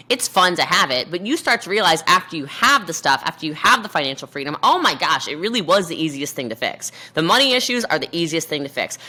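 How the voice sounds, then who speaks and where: Woman, podcast guest, animated, bright tone, lowish pitch. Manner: animated, acts out quoted voices. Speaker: podcast guest, network marketer. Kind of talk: energetic interview talk.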